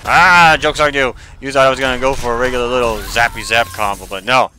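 A man giving casual gameplay commentary, excitable, swearing and shouting at the game as he plays. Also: mid-range voice, a little fast. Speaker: video game player. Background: game music.

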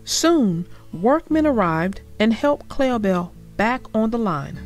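A woman reading a children's story aloud with an expressive, gentle storybook delivery. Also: a little high, a little slow, soft background music.

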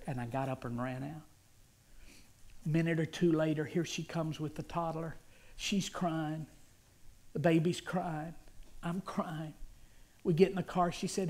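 A male guest preacher giving a sermon testimony, telling it dramatically and swinging from hushed whispers to loud cries. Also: a little high, steady tone, unhurried, pauses often.

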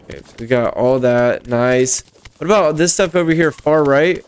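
Excitable young man gaming with a friend. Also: mid-range voice, normal speed, clear, resonant tone. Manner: excitable, repeats himself, says bro. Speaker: gaming channel host. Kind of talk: casual co-op gameplay chat.

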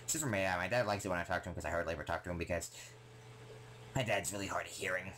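A young man rambling casually in a vlog, excitable and full of fillers. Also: deep voice, very fast, a little hiss or hum. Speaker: gaming vlogger.

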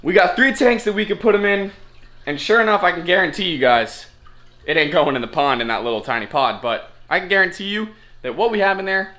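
A man hosting an aquarium fish vlog, hyped and casual, calling his viewers ladies and gentlemen and saying freaking a lot. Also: high voice, animated, brisk. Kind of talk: excited hobby vlog.

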